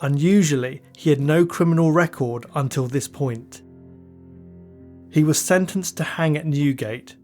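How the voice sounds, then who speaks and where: A man hosting a podcast, telling true crime stories in a measured, dry narration with wry asides. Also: a little high. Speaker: podcast host.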